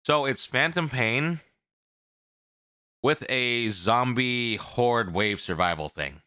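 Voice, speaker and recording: A man streams and chats casually, rambling in an animated way and talking while he eats with his mouth full. His medium-pitched voice is smooth and unhurried, captured in a dry, studio-quality recording.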